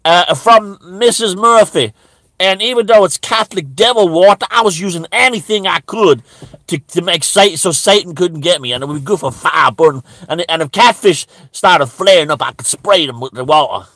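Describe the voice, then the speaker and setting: A man playing a bigoted, stammering preacher who rambles indignantly and breaks into high shouts. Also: moderate pace, no echo. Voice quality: stammering, repeating words. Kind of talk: satirical character monologue.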